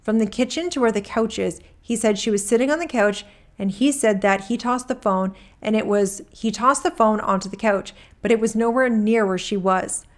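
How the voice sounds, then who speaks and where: At a moderate pace and medium pitch, a woman with a near-everyday voice reads a court transcript aloud. She voices a male witness giving a deposition, rambling in casual talk and restarting his sentences.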